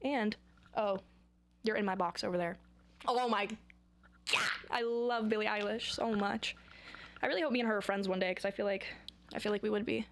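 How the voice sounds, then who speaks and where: A young woman talking in a casual vlog, rambling and excitable with dramatic outbursts. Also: medium pitch, brisk. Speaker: vlogger.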